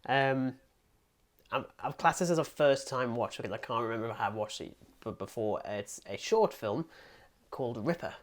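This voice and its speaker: A man's voice: mid-range voice, normal speed. Rambling English man co-hosting a podcast. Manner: rambling and self-deprecating, with frequent "um"s and laughs. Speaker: podcast co-host. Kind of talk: casual film review chat.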